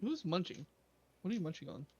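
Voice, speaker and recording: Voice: medium pitch, sing-song, a little fast, mellow, breathy edge, dry recording, muffled recording. A player at a tabletop game chatting and offering suggestions about how to run the fights. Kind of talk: casual tabletop play.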